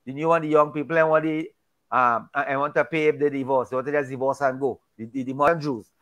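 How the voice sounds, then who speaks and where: A man's voice: mid-range voice, fairly even intonation, fast, fairly bright tone. A man in a casual Bible discussion, talking emphatically and preachily, often repeating and restarting his words.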